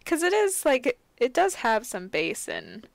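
A woman's voice: on the high side, huge pitch swings, measured pace, vocal fry, no room sound. A young adult woman co-hosting a casual book podcast, laid-back and giggly, with plenty of fillers. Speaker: podcast co-host.

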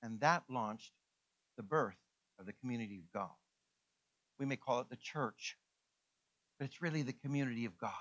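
A male pastor preaching a sermon, animated, acting out voices and dropping to soft, low tones. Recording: dull lo-fi sound.

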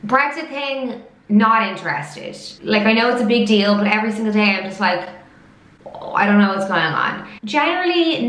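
A woman of twenty-five chatting to camera in a fast, loud, storytelling way. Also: mid-range voice. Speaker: vlogger. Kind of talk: casual chat to camera. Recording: echoey room.

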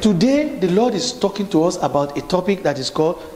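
A man's voice: sits high, expressive, fast talker, crowd noise. A male pastor preaching a sermon, repeating phrases and calling for responses from the congregation. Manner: repetitive, call-and-response preaching with restarts. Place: church hall. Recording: echoey hall with faint room noise.

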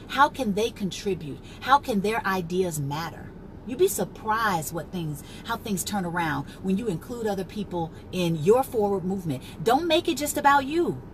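A woman life coach hosting a casual live stream, chatting, laughing often and greeting viewers by name, then turning slow and emphatic to make a point. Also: mid-range voice, slight background noise. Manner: turns slow and emphatic when teaching.

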